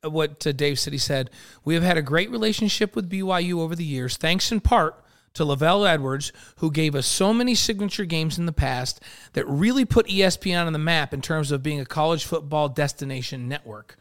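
A man's voice: on the high side, brisk, a bit bright, clean tone. A man from New York co-hosting a casual sports podcast, talking in a loose way full of restarts and repeated words. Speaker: podcast co-host.

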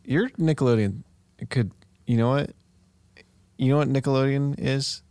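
A man's voice: mid-range voice, normal speed, a little mellow, no room sound. A man in his thirties co-hosting a podcast, chatting casually with a dry, joking manner. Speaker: podcast co-host. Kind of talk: casual chat.

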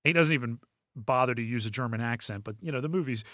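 A man's voice: mid-range voice, fast, no room sound, studio quality. A man hosting a podcast, talking casually with many fillers and restarts. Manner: relaxed, rambling, frequent fillers and restarts. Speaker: podcast host. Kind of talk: casual solo podcast talk.

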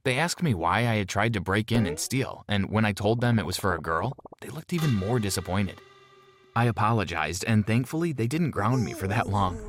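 A man narrating a first-person story in a measured, plain storytelling manner. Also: lowish voice, lively intonation, a little hiss or hum. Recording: music bed underneath.

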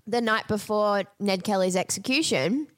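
A woman's voice: mid-range voice, normal speed. Blunt, teasing woman co-host. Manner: teasing, blunt, swears freely. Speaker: podcast co-host. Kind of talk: casual chat.

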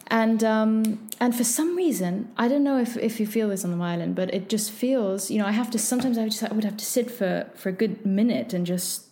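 A woman's voice: mid-range voice, a little fast, hardly any pauses, warm tone. A woman who is a pianist speaking reflectively in a casual podcast chat, searching for her words.

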